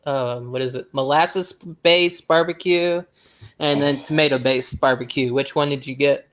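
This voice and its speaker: A man's voice: on the high side, steady tone, normal speed, a bit bright. Call-in guest, male, North Carolina native, rambling casual storyteller with many ums. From North Carolina, USA. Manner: rambling, chuckles often, many fillers. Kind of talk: casual chat. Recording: call-in audio.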